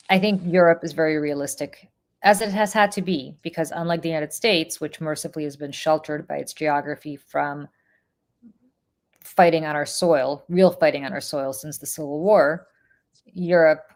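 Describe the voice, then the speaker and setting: A woman with a Russian accent co-hosting a political podcast, talking in an earnest, emphatic way with lots of fillers. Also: sits low. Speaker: podcast co-host. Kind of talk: casual political podcast chat.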